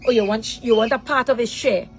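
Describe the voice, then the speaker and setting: A woman's voice: fairly high pitch, a little fast, faint music behind, low-quality recording. A middle-aged woman, speaking as a mother in an angry direct-to-camera rant. She is confrontational and keeps throwing rhetorical questions. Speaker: mother addressing her daughter.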